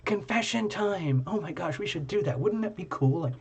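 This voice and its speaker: A man's voice: sits high, expressive, moderate pace, husky. A man hosting a casual live-stream tarot reading, talking to his viewers in a chatty, playful way.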